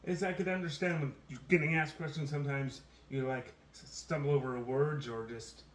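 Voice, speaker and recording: A man's voice: on the high side, fairly even intonation, normal speed. A man from Canada co-hosting a casual home podcast, making dry jokes and chuckling at his own remarks. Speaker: podcast co-host. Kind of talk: casual chat. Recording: roomy home recording with faint noise.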